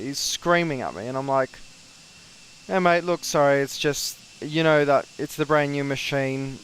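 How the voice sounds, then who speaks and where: Animated Australian man telling a story. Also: a little high, normal speed, slight background noise. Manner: animated, quotes people in raised voices. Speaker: flight sim streamer. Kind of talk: casual storytelling.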